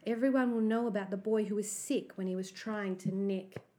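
A woman narrating a children's story aloud in the first person, with an expressive, anxious telling. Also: medium pitch, moderate pace.

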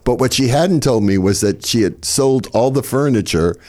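A man's voice: medium pitch, expressive, moderate pace, darkish tone. An older man from the Boston area, a comedian guest telling wry stories and laughing at his own jokes. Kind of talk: storytelling interview.

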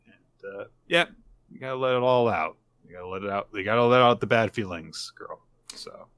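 A man's voice: on the low side, brisk, fairly bright tone, smooth, dry recording. A man co-hosting a podcast, casually recapping manga chapters with dry asides. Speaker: podcast co-host.

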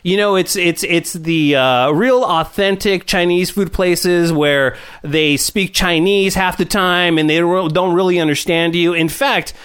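A man in his thirties with a fairly high voice co-hosts a casual podcast. He rambles through his stories, stacks up fillers and breaks into laughs along the way. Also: a little slow, hardly any pauses, a bit bright, smooth. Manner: rambling storyteller, laughs often, many fillers. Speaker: podcast co-host. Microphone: remote call mic.

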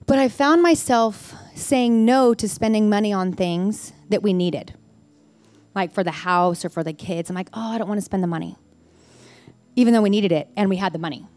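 A woman in her forties, a ministry leader, sharing a candid, expressive personal testimony in a sermon, full of "like" and "oh my gosh". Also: mid-range voice, normal speed, no room sound.

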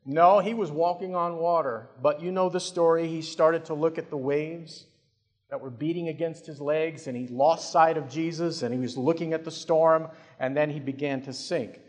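A man preaching a sermon, telling a story in scenes with dramatic swings in loudness and dry jokes. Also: on the high side, fairly even intonation, moderate pace. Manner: dramatic, humorous, varies loudness. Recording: long reverb of a large hall.

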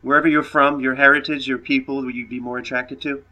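A man's voice: medium pitch, flat delivery, a little fast, bright, forceful tone. A young man co-hosting a casual podcast, joking around and asking his friends probing questions. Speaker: podcast co-host.

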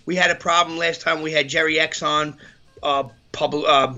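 A man's voice: fairly high pitch, flat delivery, moderate pace, sharp tone, muffled recording, soft background music. A man co-hosting a podcast, rambling loosely with lots of swearing. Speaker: podcast co-host. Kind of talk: casual podcast chat.

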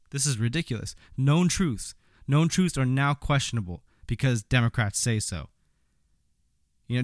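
A man's voice: mid-range voice, dry recording. Sarcastic male political commentator, dry sound. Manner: sarcastic and indignant.

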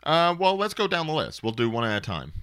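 A man's voice: a little high, fast talker, clean tone, no room sound, studio quality. An American man co-hosting a podcast, chatting casually about movies with lots of fillers. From United States. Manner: relaxed, rambling with many fillers. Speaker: podcast co-host.

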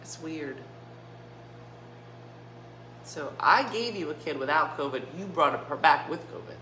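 A woman's voice: sits low, expressive, a little slow, bright, forceful tone. A woman in her fifties chatting casually and jokingly to her viewers at home, often laughing. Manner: chatty and jokey, with frequent laughs. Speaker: vlogger. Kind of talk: casual morning chat to viewers. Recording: echoey room with clear background noise.

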